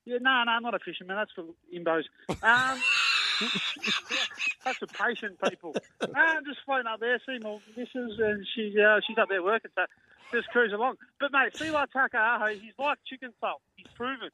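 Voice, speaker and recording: A man's voice: very high voice, moderate pace, background noise. A man calling in from an airport, joking and rambling with fillers over a phone line. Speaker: radio caller. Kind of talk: casual phone call.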